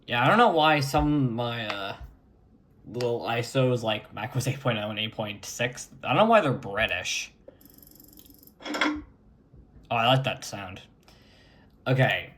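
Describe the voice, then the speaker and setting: A man's voice: medium pitch, big pitch swings, fairly bright tone, a little hiss or hum. A man chatting casually as he records his screen and talks through an old computer setup. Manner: unhurried, chatty, mutters while clicking. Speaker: retro computing vlogger.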